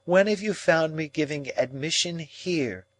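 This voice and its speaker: A man reading an audiobook, voicing a proud, composed young woman who speaks in a calm, measured way. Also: on the high side, dry recording, pitched above the performer's own voice. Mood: cool. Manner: calm, measured, coldly reasoning.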